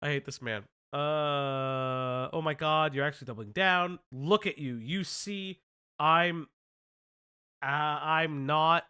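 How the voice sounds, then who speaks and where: A man's voice: on the high side, a little slow, bright, forceful tone, clean tone. A man commenting on a live stream, swearing and reacting with sarcastic exasperation.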